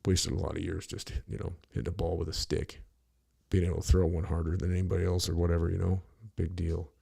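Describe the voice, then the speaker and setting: A man's voice: low-pitched, monotone, quick pace, gravelly, dark tone, husky. A middle-aged man talking bluntly and casually on a podcast, rambling and profane, with lots of "you know" between his thoughts.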